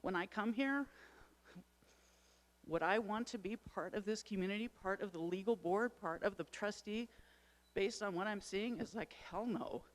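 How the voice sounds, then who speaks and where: A woman's voice: mid-range voice, normal speed. Frustrated woman making a public comment. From Wisconsin. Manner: frustrated, emotional and urgent. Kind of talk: public comment at town meeting.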